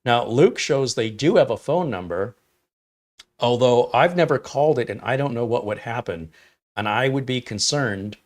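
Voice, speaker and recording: A man's voice: mid-range voice, expressive, normal speed. A man hosting a casual tech livestream, rambling and opinionated as he reads chat comments aloud and reacts to them. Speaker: livestream host reviewing mini PCs.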